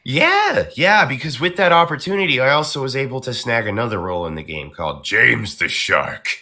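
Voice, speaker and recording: A male voice actor chatting casually on a podcast, telling stories about his roles with animated energy and a touch of New York accent. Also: mid-range voice, quick pace. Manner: animated storyteller, slips into character voices.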